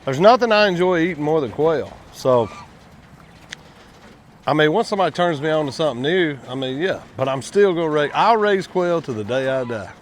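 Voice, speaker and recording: A man's voice: a little high, expressive, moderate pace, a little hiss or hum. A man, chatting casually to viewers in a vlog while working outdoors at his quail pens, folksy and talkative. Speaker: quail farmer and channel host.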